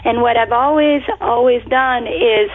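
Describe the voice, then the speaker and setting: French-accented woman, high, phone-thin. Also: a little slow. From France. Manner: emphatic, repeats words. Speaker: guest bakery owner. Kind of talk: casual radio interview. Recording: tinny phone-like line.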